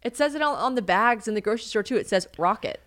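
A woman's voice: on the high side, expressive, fast, fairly bright tone. A young woman hosting a podcast, chatty and blunt, swearing playfully. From Nashville, USA. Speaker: podcast host. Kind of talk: casual chat.

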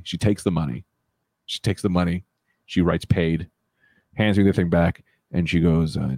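A man's voice: low-pitched, big pitch swings, normal speed, no echo. A man in his thirties hosting a podcast, telling a long story in a rambling, self-correcting way. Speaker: podcast host. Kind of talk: casual storytelling chat.

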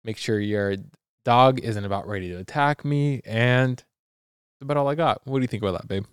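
A young man tells a running story on his podcast, mimicking footsteps and voices with lively energy. His voice is smooth and clear, recorded close and dry with no room sound. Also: mid-range voice, normal speed, dry recording. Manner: animated, acts out sounds and quotes. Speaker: podcast co-host. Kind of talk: casual storytelling chat.

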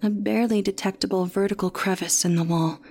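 A woman reading a first-person horror story aloud in a measured, tense way. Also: mid-range voice, fairly even intonation, a little mellow, a little hiss or hum. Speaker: narrator.

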